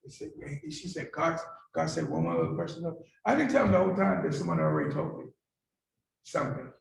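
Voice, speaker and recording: A man's voice: fairly high pitch, wildly swooping pitch, fairly quick, vocal fry, slight background noise. A male pastor preaching a call-and-response sermon, coaxing the congregation to repeat his words after him. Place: church sanctuary. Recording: very echoey church hall from far off.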